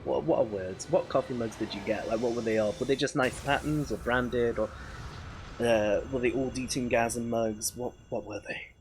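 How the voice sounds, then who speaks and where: A young man streaming a game, chatting casually with viewers, excitable and swearing freely. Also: medium pitch, moderate pace, a little hiss or hum. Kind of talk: casual live-stream chat while gaming. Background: game music.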